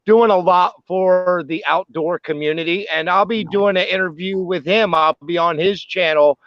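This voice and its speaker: A man guesting on a live stream, rambling through a shout-out with lots of fillers. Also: high voice, steady tone, normal speed, dry recording. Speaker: stream guest, fellow YouTuber. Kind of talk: casual live-stream chat. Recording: muffled web-call audio.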